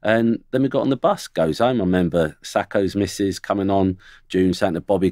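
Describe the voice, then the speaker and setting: Deep-voiced man telling football stories. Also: brisk, darkish tone, dry recording, studio quality. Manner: blunt, anecdotal, mimics teammates. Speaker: former footballer guest. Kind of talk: podcast storytelling. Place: podcast studio.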